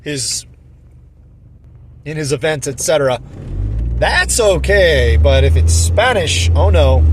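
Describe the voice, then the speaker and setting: A man's voice: fairly high pitch, slight background noise. A man giving indignant, sarcastic opinion commentary, mocking the people he quotes. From New Jersey.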